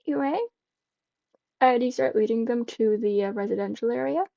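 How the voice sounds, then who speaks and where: A woman narrating a tabletop game as game master in a steady, descriptive way, on a dull, dry recording. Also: a little high, brisk, creaky, no echo.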